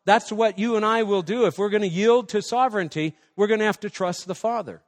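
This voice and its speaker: Male pastor with a high voice, passionate sermon delivery, long church-hall reverb. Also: brisk. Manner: passionate preaching with acted-out prayers and dialogue.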